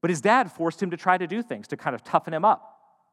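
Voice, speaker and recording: A man preaching a sermon, shifting between loud emphatic lines and hushed, quiet ones. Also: on the high side, animated, fairly quick. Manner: dynamic, swings from loud to hushed. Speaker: pastor. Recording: long hall reverb.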